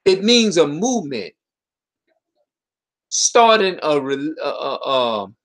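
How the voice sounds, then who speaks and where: A man's voice: on the high side, big pitch swings, takes it slowly, a bit bright. A man giving an impassioned monologue to his viewers, preaching and hammering the same rhetorical questions while stumbling and restarting mid-sentence. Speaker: video commentator.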